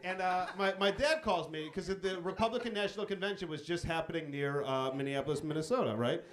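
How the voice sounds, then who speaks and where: Profane young man doing stand-up. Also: sits high. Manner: storytelling with quick acted quotes, profane. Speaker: stand-up comedian. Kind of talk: live stand-up set. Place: comedy club stage.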